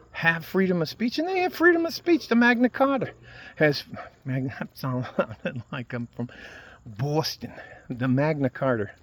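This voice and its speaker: A man's voice: medium pitch, a little hiss or hum. A man from the United States delivering a profane, heated political rant straight to his viewers. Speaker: video blogger. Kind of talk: angry political rant to camera.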